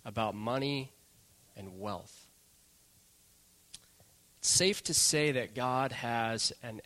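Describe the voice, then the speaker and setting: A man's voice: medium pitch, sharp tone. A male pastor preaching a sermon, stressing his points by repeating key phrases.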